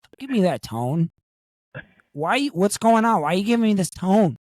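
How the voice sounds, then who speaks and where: A man's voice: sits high, big pitch swings, normal speed, darkish tone, no room sound. A man improvising as a clingy, dramatic pregnant young woman from the South, gushing over the phone and talking over the other person. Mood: indignant. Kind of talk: improv comedy scene.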